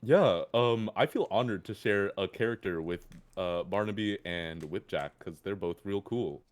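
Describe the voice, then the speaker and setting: A man with a very deep voice talks his way through his character as a tabletop player. He rambles and is quick to laugh at himself. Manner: rambling, self-deprecating, laughs a lot. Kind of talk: playing a tabletop game.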